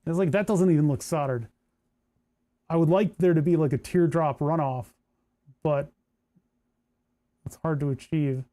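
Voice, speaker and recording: The voice here is a little high and mellow, measured and often pausing, as a man streams himself building electronics. It's casual workbench chat, much of it muttered to himself while he works through hand cramps.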